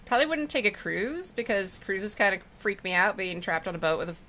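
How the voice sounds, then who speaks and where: A woman's voice: medium pitch, expressive, fairly quick, sharp tone, slight background noise. A woman streamer chatting casually with her viewers while she plays a game, rambling and affectionate. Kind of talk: casual chat while gaming.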